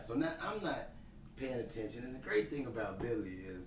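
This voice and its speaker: A man's voice: medium pitch, animated, fairly quick, far from the mic. A man, a podcast co-host, telling a story in a profane, laughing, emphatic way. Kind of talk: casual storytelling. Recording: roomy, off-mic with noise.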